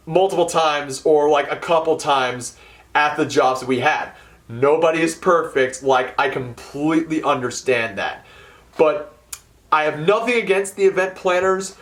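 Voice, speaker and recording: A young man telling a work story in a casual ranting vlog, swearing freely and swinging between mumbled asides and loud outbursts. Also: a little high. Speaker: hotel event setup worker.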